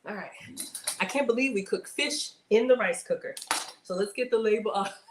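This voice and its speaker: A woman's voice: medium pitch, moderate pace, roomy sound, slight background noise. A woman hosting a casual cooking livestream, chatting to viewers as she works. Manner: chatty, addresses viewers as y'all; playful outbursts and sing-song bits.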